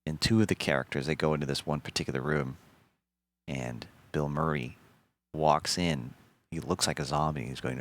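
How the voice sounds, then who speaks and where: A man streaming a video game, chatting casually and telling a rambling, profane story in an animated way. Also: rumbling low, moderate pace, pauses often. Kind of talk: casual gameplay commentary.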